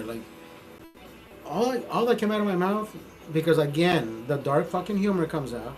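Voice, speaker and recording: A man talking casually on his live stream, swearing freely and rushing through a story with restarts and repeated words. His voice sits a bit higher than most men's. Soft music plays underneath. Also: poor audio. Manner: profane, animated storytelling with repetitions. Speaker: livestream host.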